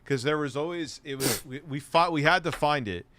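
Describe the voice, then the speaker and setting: A man's voice: on the high side, normal speed, bright, forceful tone, no echo. A man in his forties hosting, talking in rambling, crude jokes with stammering restarts. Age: 40s. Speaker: show host. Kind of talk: casual chat.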